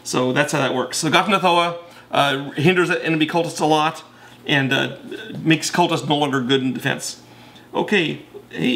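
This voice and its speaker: A man's voice: a little high, moderate pace, fairly bright tone, a little hiss or hum. A man casually explaining board game rules in a chatty, self-correcting way with many fillers.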